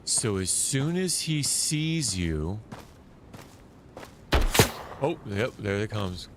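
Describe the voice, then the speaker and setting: A man streaming a survival shooter live, talking loosely and excitedly as he plays, often restarting his sentences. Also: fairly low pitch, very slow, a little hiss or hum. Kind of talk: live gameplay commentary.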